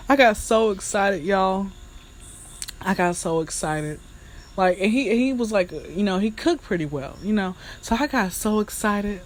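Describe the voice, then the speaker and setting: A woman with a mid-range voice and a slightly slow delivery hosts a candid solo podcast. Chatty and animated, she tells frank stories with laughter and speaks straight to her listeners, calling them "y'all."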